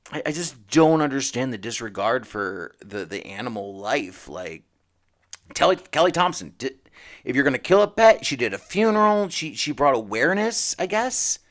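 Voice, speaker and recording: A man's voice: on the high side, a bit bright. A man hosting a casual comic book podcast, rambling and emphatic, with frequent restarts. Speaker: podcast host.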